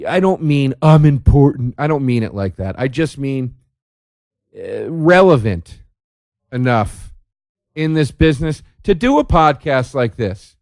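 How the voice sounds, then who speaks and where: A man's voice: mid-range voice, expressive, a little slow, darkish tone, no room sound. Sardonic man, dry close mic. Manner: sardonic, profane, rambling with restarts. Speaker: podcast host. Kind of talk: solo comedic monologue. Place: indoor room by a window.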